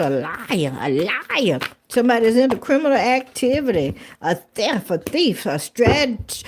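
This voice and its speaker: A woman's voice: medium pitch, darkish tone. A woman giving a casual tarot reading to viewers, chatty and blunt. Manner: chatty, blunt, swears, colloquial, repeats phrases. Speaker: tarot reader.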